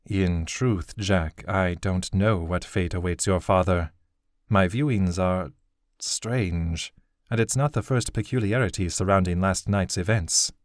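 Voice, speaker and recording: A man voicing an old, fatherly elven king and seer who speaks in a measured, grave way. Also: low-pitched, no echo, clean studio sound.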